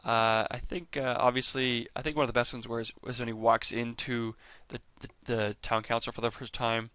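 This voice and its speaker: A man's voice: medium pitch, flat delivery, moderate pace, a bit bright, smooth, dry recording. A man hosting a fan video, chatting casually over clips with enthusiasm, rambling and often stopping to correct himself. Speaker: fan video host ranking characters.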